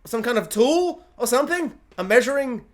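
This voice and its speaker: A young man with a high, light voice talks through a TV episode recap. He rambles in a loose, chatty way, full of asides and little impressions of the characters. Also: animated. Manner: chatty, rambling, quick to act out quotes. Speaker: TV review vlogger. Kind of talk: casual spoken recap and review.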